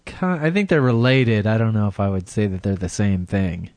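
A man's voice: fairly low pitch, big pitch swings, moderate pace, darkish tone, no echo. A man co-hosting a crude podcast, throwing in joking, wry asides. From United States. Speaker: podcast co-host. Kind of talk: casual crude banter.

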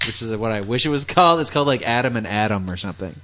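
Teasing male co-host with lively pitch. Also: racing. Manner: dry, teasing quips. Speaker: podcast co-host. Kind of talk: crude comedy podcast banter.

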